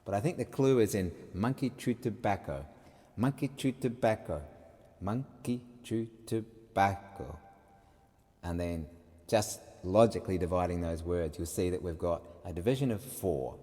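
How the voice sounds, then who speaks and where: Man, music teacher, casual explaining, low voice, long echo behind. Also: normal speed, dark tone. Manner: chatty, explaining step by step, chanting rhymes. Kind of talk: online music lesson.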